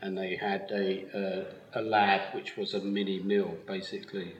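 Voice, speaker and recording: Low-voiced man in a roomy hall. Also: level tone, moderate pace, muffled recording. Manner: easygoing, laughs often. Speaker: wool mill owner. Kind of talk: live podcast interview, explaining his work. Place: live at a yarn festival. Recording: roomy live festival recording, faint noise.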